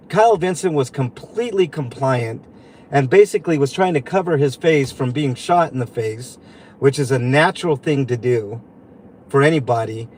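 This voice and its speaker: A man's voice: medium pitch, a little mellow, slight background noise. Upset man venting on a livestream. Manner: upset, venting, halting with many fillers. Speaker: livestream host. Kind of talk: livestream commentary. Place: inside a vehicle.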